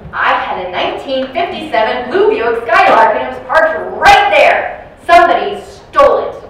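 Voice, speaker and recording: A woman's voice: a little high, animated, normal speed, natural voice. A woman voicing an insistent older woman living in a care community, indignant and repeating her complaint. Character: older woman resident, insistent about her stolen car. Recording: echoey room from far off, noisy.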